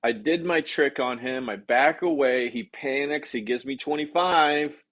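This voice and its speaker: This man runs an energetic, laid-back sales negotiation lesson on a live stream, regularly checking in with "okay?" and reading out comments from viewers. A sales coach, he speaks unhurriedly in a mid-range voice.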